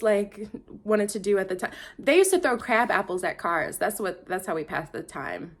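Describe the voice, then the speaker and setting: A woman's voice: medium pitch, lively intonation, moderate pace. A young woman from Detroit telling a casual storytime monologue, rambling, interrupting herself and laughing often.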